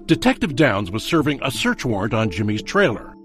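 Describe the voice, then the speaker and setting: A man's voice: medium pitch, very animated, a little fast. A man narrating a true-crime broadcast in a scripted, emphatic documentary style. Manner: dramatic, emphatic delivery. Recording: studio voice-over over music.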